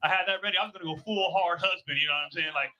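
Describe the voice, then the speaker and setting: On a noisy live stream with dull audio, a male show host tells a profane comic story, playing both sides of an argument. His voice is high, bright and forceful, and he talks very fast.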